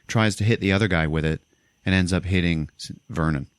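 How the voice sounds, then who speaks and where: Low-voiced man gleefully retelling a film. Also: fairly quick, clean tone, no room sound. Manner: animated, profane retelling, acting out lines. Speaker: podcast host. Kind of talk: casual movie recap.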